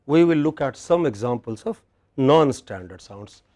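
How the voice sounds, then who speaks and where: A man's voice: medium pitch, animated, a little slow, darkish tone. Indian man teaching spoken English. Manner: explains patiently, asks the class questions and models pronunciations. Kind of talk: classroom lecture. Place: university classroom.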